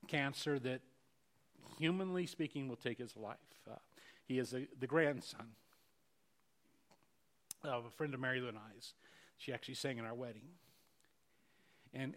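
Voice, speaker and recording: A middle-aged male pastor preaching a sermon earnestly, repeating words and swinging between loud rises and quiet passages. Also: medium pitch, moderate pace, long pauses.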